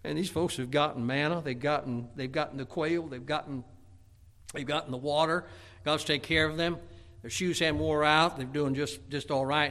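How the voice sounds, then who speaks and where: A man's voice: medium pitch, a bit bright. A man preaching a sermon, telling folksy stories and asking for amens. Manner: folksy storytelling, calls of amen.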